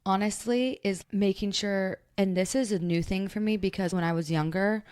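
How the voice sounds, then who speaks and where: A woman's voice: mid-range voice, normal speed, no room sound, studio quality. A young woman co-hosting a podcast, telling a story in casual chat and acting out what people said. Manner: animated storyteller, acts out quotes. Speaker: podcast co-host.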